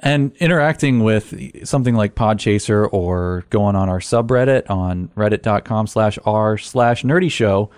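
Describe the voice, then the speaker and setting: A man's voice: on the low side, normal speed, hardly any pauses, darkish tone, clean tone, dry recording. A man co-hosting a casual podcast, earnest and inviting as he asks listeners to join the discussion. The sound is dry and close. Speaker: podcast co-host.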